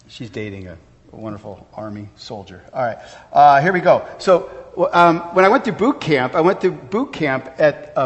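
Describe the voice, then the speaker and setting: A middle-aged man preaches an earnest sermon, with a voice pitched a little higher than most men's. His words ring out with a long reverb in a large church hall, and he breaks off now and then for asides to the congregation. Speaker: pastor.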